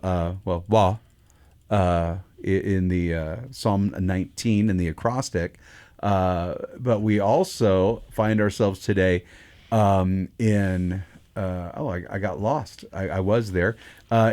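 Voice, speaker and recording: A man co-hosting a Christian radio talk show, speaking casually with many pauses and restarts. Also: lowish voice, darkish tone. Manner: hesitant, many fillers and restarts.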